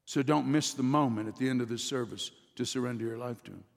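A man's voice: medium pitch, fast, gravelly. A man preaching a sermon as pastor, leading his congregation in call-and-response with rising, emphatic delivery. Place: church sanctuary. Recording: long reverb of a church hall.

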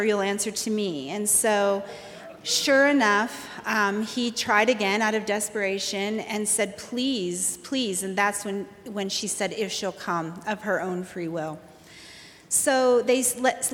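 A woman telling her personal testimony in a candid storytelling manner with fillers. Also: medium pitch. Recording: long hall reverb.

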